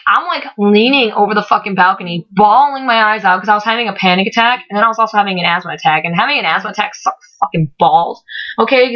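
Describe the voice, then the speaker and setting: A teenage girl telling a concert story in casual vlog chat, rambling and swearing with lots of "like". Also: medium pitch. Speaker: vlogger. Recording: dull lo-fi webcam audio.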